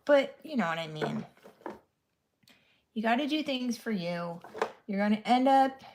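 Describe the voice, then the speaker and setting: A woman's voice: mid-range voice, a little hiss or hum. A woman in her thirties talking casually to the camera while she does her makeup. She is blunt and chatty and swears freely, the way she would with a friend. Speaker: vlogger.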